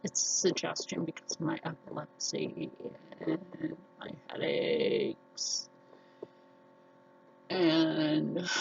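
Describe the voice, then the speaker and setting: A woman's voice: fairly low pitch, vocal fry, muffled recording, slight background noise. A woman chatting casually to the camera as a sewing vlogger, defiant and chatty. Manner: chatty and defiant, with frequent laughs.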